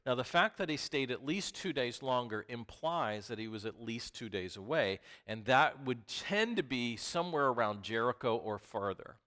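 A man preaching a sermon who is also an ER doctor. He swings between hushed asides and loud, emphatic bursts. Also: mid-range voice, animated, moderate pace, hardly any pauses.

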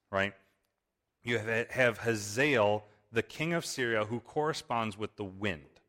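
A man's voice: medium pitch, fairly bright tone. A man reading Bible verses aloud and explaining them, often checking in with "right?". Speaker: Bible teacher. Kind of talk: Bible study teaching.

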